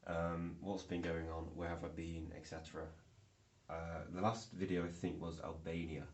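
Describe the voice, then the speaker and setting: A man's voice: low voice, level tone, normal speed, darkish tone. A young man rambling through a casual vlog, full of ums and restarts, recorded indoors. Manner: rambling, filler-heavy storytelling. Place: indoor room. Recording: echoey room.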